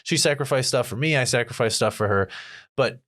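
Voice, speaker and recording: A man's voice: medium pitch, fairly quick, fairly bright tone. Man, podcast host, loose joking chat, laughs often, curses freely. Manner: laughs often, acts out quoted people in funny voices, swears freely. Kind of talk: casual comedic chat.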